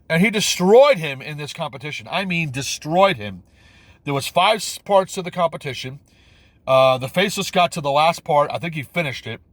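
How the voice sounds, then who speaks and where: A man's voice: fairly bright tone, no room sound. Stammering, exasperated man ranting. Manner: rambling, repeats himself, stumbles over words; incredulous, pitch jumps when exasperated. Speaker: video commentator. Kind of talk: ranting film critique.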